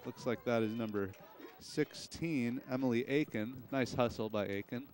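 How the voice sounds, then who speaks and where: A young man announcing a high school soccer game, calling the plays live in a steady commentary. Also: normal speed. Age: young adult. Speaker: play-by-play announcer. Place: outdoor soccer field.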